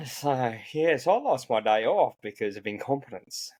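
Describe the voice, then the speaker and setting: A man's voice: medium pitch, very animated, moderate pace, a little mellow, husky, dry recording. A man, a podcast co-host and business owner, complaining sarcastically in casual chat.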